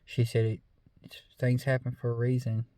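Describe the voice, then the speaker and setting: A man's voice: mid-range voice, monotone, moderate pace, warm tone, dry recording. A middle-aged man, telling a true story in a casual, drawling way with many fillers and repeated "I said". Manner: easygoing, drawling, lots of fillers and 'I said'.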